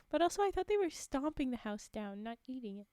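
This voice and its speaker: A woman's voice: high-pitched, warm tone, dry recording, studio quality. A young adult woman reading folktales on a livestream, breaking off into giggly, chatty asides. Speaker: livestream storyteller.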